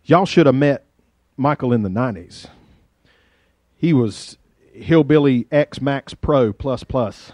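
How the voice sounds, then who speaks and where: A middle-aged man with a rural southwest Virginia accent, preaching a folksy, joking sermon that swings between loud and hushed. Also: mid-range voice, lively intonation, slow pace, long pauses, dry recording. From Virginia, USA. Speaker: pastor.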